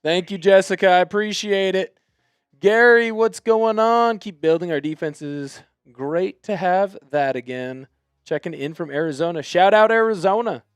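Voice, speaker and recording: A man's voice: sits high, moderate pace, smooth, no room sound, studio quality. A man hosting a live sports stream, greeting chat viewers in an upbeat, chatty way. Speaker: host.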